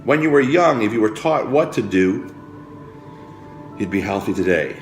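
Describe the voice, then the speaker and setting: A man giving a preachy, repetitive motivational speech about health, swinging from hushed, grave passages to rousing calls to change. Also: lowish voice, expressive, normal speed. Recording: roomy with faint music behind.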